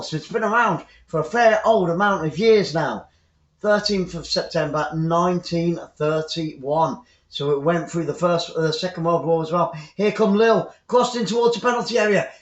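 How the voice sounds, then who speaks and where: A man's voice: high voice, normal speed. An English man giving chatty live football commentary for an online stream, repeating his phrases and rambling into asides. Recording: roomy, dull lo-fi sound.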